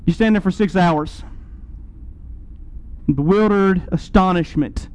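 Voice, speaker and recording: A man preaching a sermon, retelling a scene dramatically to his listeners and swinging between loud and soft. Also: high-pitched, a little slow, low-quality recording.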